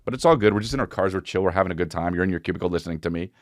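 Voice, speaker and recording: A man's voice: low voice, racing, dry recording, studio quality. A man hosting his own podcast, telling rambling, profane comic stories and imitating voices and sounds along the way. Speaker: podcast host. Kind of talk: casual comedic monologue.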